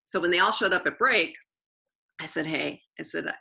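A woman teacher telling stories in an interview, earnest and animated, with frequent restarts. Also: sits low, moderate pace, creaky, poor audio. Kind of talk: interview storytelling.

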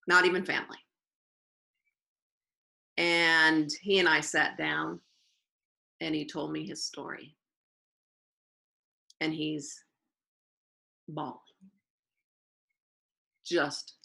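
A woman teacher answers interview questions in an earnest, animated storytelling way, often restarting her sentences. Her voice sits low with a gravelly fry, yet it sounds bright and forceful. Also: poor audio.

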